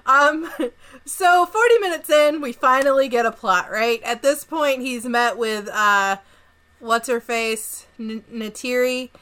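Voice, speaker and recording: A woman's voice: fairly high pitch, takes it slowly, sharp tone, clean tone. A woman hosting a film podcast, recapping the plot with opinionated hot takes in casual chat. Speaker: podcast host.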